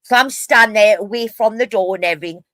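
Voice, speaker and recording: A woman's voice: medium pitch, fast, fairly bright tone, dry recording. A woman with a Geordie accent, telling rowdy stories in a casual live stream chat, brash and full of swearing. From North East England.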